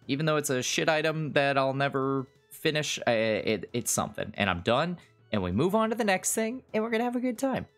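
A man's voice: medium pitch, fairly bright tone. A man giving casual, self-mocking gameplay commentary at his computer, sarcastic and swearing often. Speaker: video game streamer.

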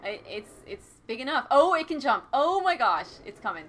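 A young woman chatting excitably through a co-op game, squealing and gasping as she plays. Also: fairly high pitch, normal speed, slight background noise. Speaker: let's play gamer. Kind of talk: casual co-op gameplay chat.

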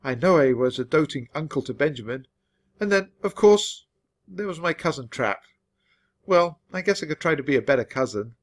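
A man reading a children's story aloud in an expressive, measured way for English learners. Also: on the high side. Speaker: storybook reader.

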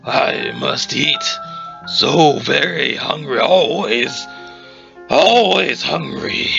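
Man putting on a rasping starved wendigo. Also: fairly high pitch, lively intonation, bright, forceful tone, dull audio, faint music behind, heavily acted. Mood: hungry moaning. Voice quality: rasping, breathy whisper. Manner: slow, drawn-out moaning. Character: ravenous male wendigo monster, starving and lonely.

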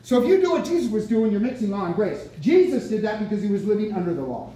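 Guy preaching all fired up, shouting out bits, mic far off in a really echoey room with a bit of hiss. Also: high-pitched, fast talker. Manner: excitable, bursts out with exclamations. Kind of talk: lively sermon. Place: senior center meeting room.

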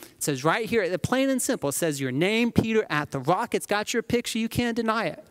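A man's voice: sits high, animated, fairly quick, voice pushed up. A man doing a mocking, scolding callout Jesus. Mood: taunting. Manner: accusing, taunting, mock-outraged.

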